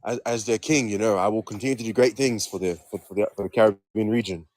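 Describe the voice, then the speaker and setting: A man's voice: on the low side, fast talker, a little mellow, dry recording, close to an everyday voice. A man doing a pompous British king who claims to own the Caribbean, speaking in a stiff, formal, mock-regal way. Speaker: podcast co-host.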